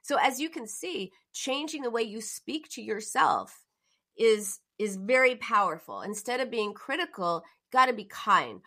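A woman's voice: fairly high pitch, expressive, unhurried, sharp tone. A woman giving an earnest, emphatic motivational talk as a coach, acting out the words people say to themselves. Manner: earnest, emphatic, acts out quoted self-talk.

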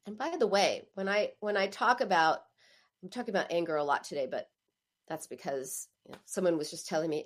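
A woman speaking as an author giving advice, emphatic and animated, often acting out quoted phrases. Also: lowish voice, brisk. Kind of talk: spoken advice monologue.

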